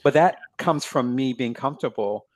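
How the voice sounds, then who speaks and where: A man talking about his own experience as an author in a casual conversation, reflective and halting, with frequent fillers. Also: medium pitch, dry recording. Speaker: author, guest.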